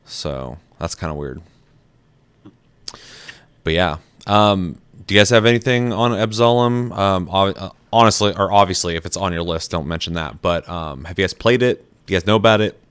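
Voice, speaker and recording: A man's voice: sits low, moderate pace, fairly bright tone, clean tone, dry recording. A man hosting a gaming podcast, chatting casually with frequent swearing and fillers. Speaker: podcast host.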